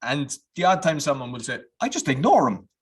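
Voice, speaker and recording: A man with a slightly husky voice hosts a podcast in relaxed conversation. He talks loosely, restarting sentences and adding fillers. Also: medium pitch, brisk. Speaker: podcast host. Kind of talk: casual interview talk.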